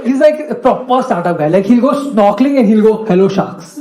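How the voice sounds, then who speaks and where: A young man with an Indian English accent works through a stand-up set, asking the crowd questions and acting out both sides of an argument. His voice rings in an echoey club. Loud laughter from the live audience sits under his lines. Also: high-pitched, lively intonation, fast, very noisy. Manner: chatty, asks the crowd, acts out both sides of a quarrel. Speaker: stand-up comedian. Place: comedy club stage before a live audience.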